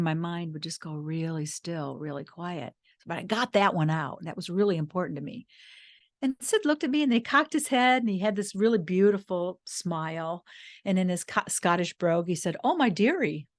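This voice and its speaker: A woman guest speaker telling a personal story in a soft-spoken, earnest, reflective way. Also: lowish voice, moderate pace, no echo, studio quality. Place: retreat venue.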